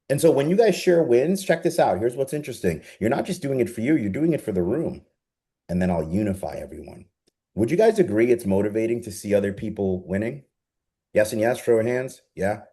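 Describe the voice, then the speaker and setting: A man leading an online coaching session over a video call, speaking with a fairly low, mellow voice. He is energetic and persuasive. He keeps pulling the group in with rhetorical questions.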